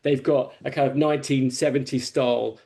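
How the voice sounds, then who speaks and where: A man's voice: medium pitch, fairly even intonation, brisk, mellow. A man on a podcast panel, telling a long film anecdote in a rambling, casual way.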